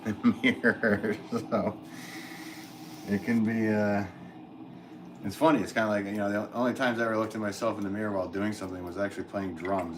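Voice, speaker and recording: There's constant background noise in the room as a male potter, voice on the low side, goes live from his studio. He reads out comments from viewers and chats in a relaxed, rambling way, often laughing and using plenty of fillers.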